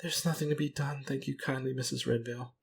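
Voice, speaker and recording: A man voicing a timid, frightened young female companion who speaks softly and tearfully, hesitating as she goes. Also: medium pitch, fast, close to an everyday voice.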